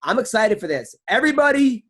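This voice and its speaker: A man's voice: very high voice, big pitch swings, fairly quick, crowd noise. A man hosting a casual podcast chat, teasing and laughing with guests. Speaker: podcast host.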